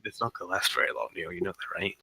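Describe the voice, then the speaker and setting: A man playing in a casual tabletop game, with quick joking asides. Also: low-pitched, expressive, vocal fry, crowd noise. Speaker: player.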